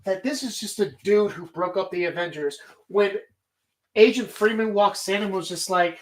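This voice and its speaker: A woman's voice: mid-range voice, normal speed, poor audio. A woman hosting a casual movie bracket show, talking animatedly and rambling, swearing freely as she argues her picks. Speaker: podcast host.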